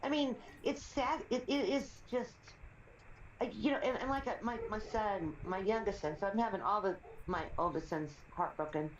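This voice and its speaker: A woman's voice: mid-range voice, moderate pace, a little hiss or hum. A middle-aged woman chatting casually on a live stream, rambling through stories and laughing often. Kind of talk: casual chat. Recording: roomy, slightly dull stream audio.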